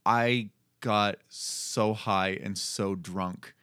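A man telling a story in relaxed podcast chat, chuckling as he goes. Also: on the low side, very slow, smooth, no echo, studio quality. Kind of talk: casual chat.

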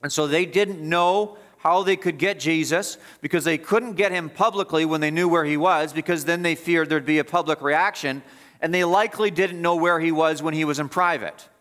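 A man's voice: fairly high pitch, moderate pace, fairly bright tone. A man preaching an expository sermon as pastor, emphatic and repeating phrases for stress.

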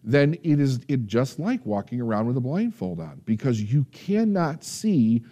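Animated storytelling man with a mellow voice. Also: highs cut off. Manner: storytelling, acts out quoted dialogue with shifting pitch and dramatic pauses. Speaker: motivational speaker. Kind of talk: personal story told to an audience.

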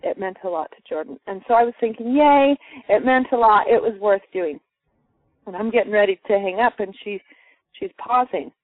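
A woman's voice: mid-range voice, moderate pace, dry recording. A woman telling a personal story to a group, acting out the voices of the people in it. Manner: lively, acts out quoted voices. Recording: muffled phone-line sound, dry.

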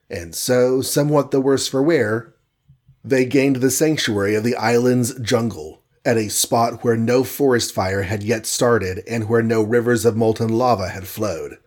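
A man narrating an adventure storybook aloud in a steady, dramatic reading. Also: medium pitch, measured pace.

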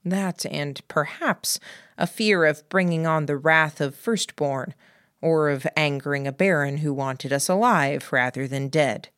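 Low, slow woman audiobook narrator. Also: a bit bright, smooth, dry recording, studio quality. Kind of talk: scripted narration.

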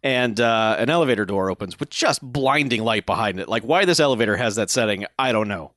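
A man's voice: on the low side, lively intonation, a little fast, fairly bright tone, dry recording, clean studio sound. A man casually recapping a movie plot as a podcast co-host, laid-back, with short agreements and joking asides.

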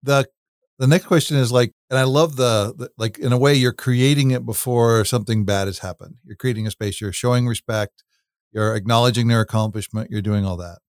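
A man's voice: medium pitch, steady tone, brisk, clean tone, no room sound. Man, podcast co-host, thoughtful, rephrases questions, dry close sound. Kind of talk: asking interview questions.

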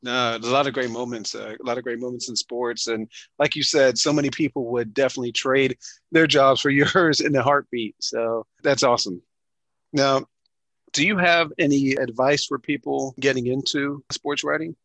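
A man's voice: medium pitch, fairly even intonation, moderate pace, a bit bright, no room sound. A man hosting a casual interview, giving brief, encouraging replies. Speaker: interviewer host.

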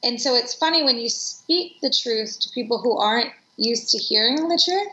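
A woman's voice: a little high, expressive, moderate pace, pushed and bright. Earnest woman telling stories, echoey room. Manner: earnest, reflective storytelling. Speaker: guest. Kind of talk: conversational interview. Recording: echoey room, dull lo-fi sound.

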